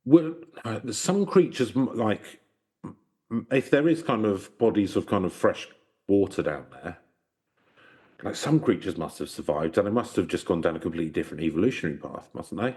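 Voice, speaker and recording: Brief: male comedy podcast host, casual and rambling, very animated intonation. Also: lowish voice, normal speed, husky.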